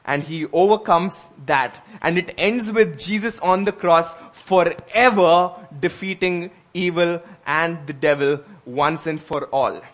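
Guy preaching a sermon, kinda high voice, earnest, chatty, pushes key words. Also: slow, hardly any pauses. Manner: earnest, conversational preaching with emphatic rises. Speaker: pastor.

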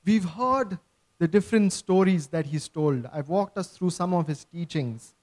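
A man's voice: high voice, moderate pace, a little mellow. A man preaching a sermon, earnest and emphatic, often checking in with his listeners.

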